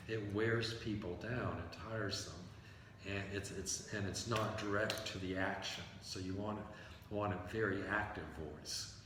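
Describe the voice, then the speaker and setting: A low-voiced man talks as an interview guest about writing and editing. He explains his points with short acted-out example sentences. He sounds set back from the mic in an echoey room with a long reverb tail and faint hiss. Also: a bit bright, recorded from a distance. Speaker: novelist and playwright guest. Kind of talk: conversational interview.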